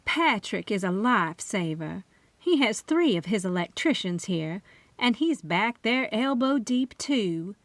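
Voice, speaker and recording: A woman's voice: medium pitch, lively intonation, unhurried, dry recording. A woman narrator voicing a flustered middle-aged hotel owner, harried and overheated, in a dry recording.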